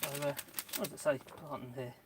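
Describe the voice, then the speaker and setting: A man's voice: medium pitch, steady tone, fast talker, noisy background. Chatty Englishman rambling in his garden. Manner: rambling, chatty, full of asides to dogs and viewers. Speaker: channel host. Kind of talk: casual live-stream chat. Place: outdoor garden, kneeling in mud. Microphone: phone on a tripod.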